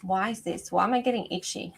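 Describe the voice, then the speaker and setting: A middle-aged woman hosts a live psychic reading as an animal communicator. Her voice sits at an average pitch, and she talks in a warm, effusive stream that keeps stopping and restarting mid-sentence. A rooster crows outside her window. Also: quick pace, creaky, a little hiss or hum. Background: rooster crowing outside.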